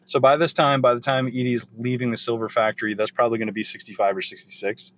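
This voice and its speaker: Male podcast host, casual and salty storyteller, mid-pitched. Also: level tone, fast talker, a little hiss or hum. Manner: profane, loose, recounting from notes.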